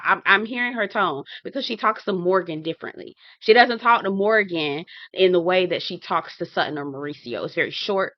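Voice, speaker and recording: A woman who reviews TV reality shows offers casual commentary, speaking straight to her viewers and acting out her own reactions. Her voice is on the low side, and the audio is dull with no room sound.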